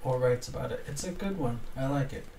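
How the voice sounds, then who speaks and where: A young adult man telling a story in casual chat, animated and laughing often as he acts out what people said. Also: medium pitch, a little fast. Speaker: podcast co-host. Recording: roomy, distant mic with faint noise.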